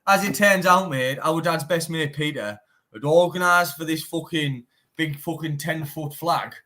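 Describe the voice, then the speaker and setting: A man's voice: a little high, unhurried, sharp tone. A young man, a bare-knuckle fighter in a casual live-stream interview, talking animatedly, swearing often and saying "mate" all the time. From Teesside, northeast England.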